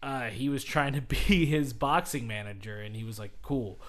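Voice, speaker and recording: A man's voice: mid-range voice, normal speed, fairly bright tone. A man casually retelling a story on a podcast, rambling with fillers and acting out quotes. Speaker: podcast host recapping wrestling history. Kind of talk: casual chat.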